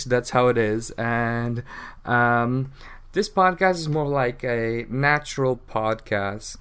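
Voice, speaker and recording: A man hosting an unedited podcast for English learners and talking in a relaxed, chatty, informal way. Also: medium pitch, a little slow, smooth. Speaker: podcast host. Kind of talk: unscripted casual podcast talk.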